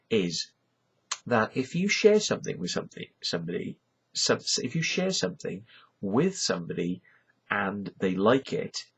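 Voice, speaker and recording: Gravelly Welsh man rambling to camera. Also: medium pitch, highs cut off. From Wales. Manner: chatty and rambling, full of "you know". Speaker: YouTuber. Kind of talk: casual rambling monologue.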